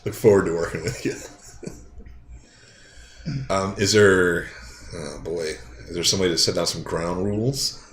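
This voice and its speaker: A man's voice: low-pitched, measured pace, long pauses, roomy sound, a little hiss or hum. A man playing a tabletop game, asking questions and telling jokey stories. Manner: joking, lively storytelling. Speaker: player.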